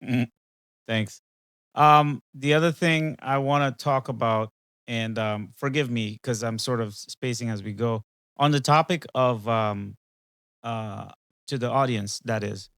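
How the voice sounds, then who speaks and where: A man's voice: medium pitch, unhurried, fairly bright tone, clean tone, no echo. A man hosting a casual talk with an AI companion, rambling and hesitant, with frequent fillers and restarts. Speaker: podcast host.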